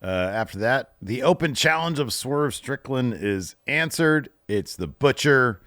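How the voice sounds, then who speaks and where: A man co-hosting a podcast, chatting casually and excitably, swearing freely. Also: medium pitch, unhurried, no room sound, studio quality. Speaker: podcast co-host. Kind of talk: casual wrestling recap chat.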